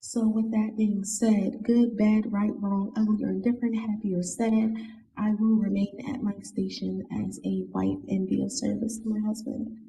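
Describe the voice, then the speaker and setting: A woman guest speaking in a measured, formal, deliberate way. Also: mid-range voice, level tone, gravelly, warm tone, roomy sound, slight background noise, rough recording. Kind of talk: casual chat.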